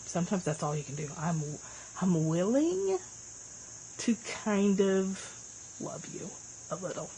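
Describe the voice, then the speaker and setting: Woman livestream host, casual and chatty, slightly low voice; faint cricket noise under the mic. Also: rough recording. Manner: chatty, answers viewer comments, lively swings in pitch.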